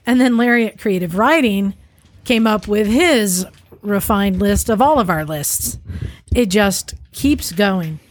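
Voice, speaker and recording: A woman's voice: mid-range voice, animated, a little slow. A woman co-hosting a casual motorcycle podcast, telling a rambling story full of repeated phrases. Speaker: podcast co-host. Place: garage studio.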